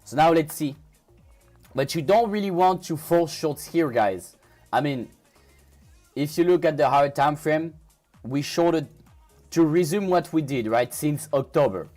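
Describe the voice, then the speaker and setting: A man's voice: a little high, unhurried, long pauses, darkish tone, soft background music. A man with a French accent, a native French speaker, chatting casually with viewers on a trading live stream, often restarting and repeating words. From France. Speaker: crypto trading livestreamer.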